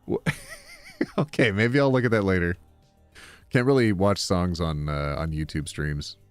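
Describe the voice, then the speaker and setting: A man live-streaming, reading online posts aloud and chatting with his viewers, reacting to chat with sudden loud jumps. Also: low-pitched, moderate pace, smooth, no echo, soft background music.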